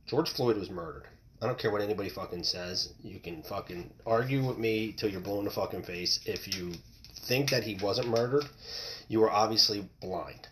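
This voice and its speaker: A man's voice: fairly low pitch, moderate pace, a bit bright, slight background noise. Blunt swearing man ranting on a podcast. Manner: blunt, heavy swearing, heated. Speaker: podcast host. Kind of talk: solo opinion rant.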